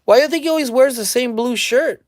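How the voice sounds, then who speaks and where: A woman's voice: high voice, quick pace, darkish tone, no room sound. Dry-voiced woman ranting on camera. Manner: mocking, speculative, repeats phrases. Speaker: commentary channel host. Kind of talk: casual commentary rant.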